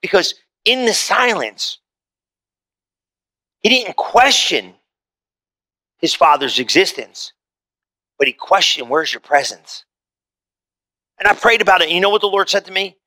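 A man preaching a sermon as pastor, swinging from forceful lines to hushed ones and repeating words as he builds. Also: high voice, very animated, a little slow, long pauses.

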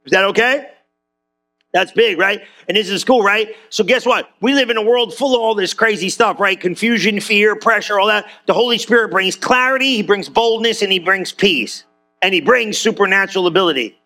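A man's voice: high-pitched, normal speed, bright, forceful tone. A man preaching a sermon to a church congregation, throwing questions back at the crowd. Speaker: pastor.

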